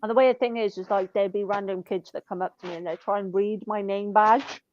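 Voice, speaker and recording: A woman, telling shop stories in a blunt, sweary, deadpan way. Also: mid-range voice, fairly quick. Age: 20s. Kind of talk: casual chat. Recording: dull lo-fi dry sound.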